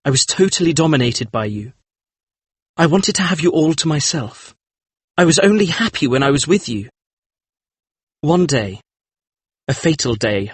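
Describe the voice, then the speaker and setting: A man plays a troubled, earnest painter in an audiobook drama. His husky voice sits a little high and rises and falls a lot as he pleads. The sound is dry and close. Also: dry recording.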